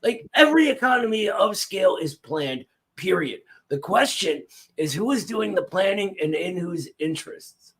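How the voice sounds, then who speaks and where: A man with a high voice talks on a livestream, sounding exasperated and emphatic as he makes his points. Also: lively intonation, moderate pace, a bit bright. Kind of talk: livestream commentary.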